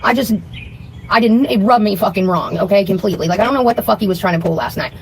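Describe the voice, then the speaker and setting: A woman's voice: medium pitch, fast talker, gravelly, slight background noise, rough recording. A woman ranting angrily on her livestream, blunt and dismissive, cursing heavily. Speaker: live streamer. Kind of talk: angry casual livestream rant.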